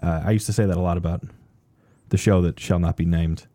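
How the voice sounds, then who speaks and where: A man with a lowish, mellow voice hosts a loose podcast chat, reading out news bits and cracking jokes. He swears freely and keeps things casual. The sound is close and dry. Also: fairly even intonation, a little fast, no echo. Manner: joking, swears freely, reads news items aloud.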